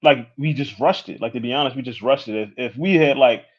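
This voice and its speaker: A man's voice: medium pitch, fast. A man in his thirties, a podcast guest talking candidly and casually, often checking in with "you know what I'm saying.". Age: 30s. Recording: dull lo-fi sound.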